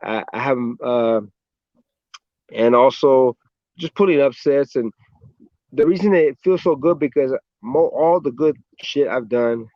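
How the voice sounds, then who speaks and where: A man's voice: mid-range voice, measured pace, dry recording, highs cut off. A man with an American accent, a professional boxer, chatting casually in an interview and telling stories in a laid-back way, often swearing and tagging lines with "man".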